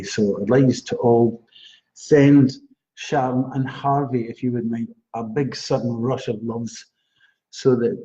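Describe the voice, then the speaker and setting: A chatty man doing psychic readings on a live stream, with a mellow, dark voice. He talks in a reassuring, laughing way. The sound is dull and low-fidelity. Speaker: psychic astrologer.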